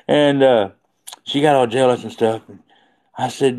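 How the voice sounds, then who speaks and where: A man's voice: mid-range voice, sing-song, slow, long pauses, darkish tone. A man hosting a casual livestream from his phone, rambling and chatty and laughing often. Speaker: livestream host.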